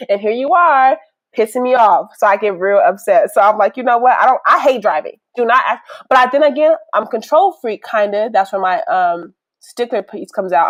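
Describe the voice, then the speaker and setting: A young woman hosts a podcast in easy, casual chat, her voice on the high side and very close and dry. She talks in a lively way and laughs often. She slips into the voices of the people she quotes. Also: no room sound, rough recording. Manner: animated, laughs often, acts out what others said. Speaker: podcast host. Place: indoors, with family nearby.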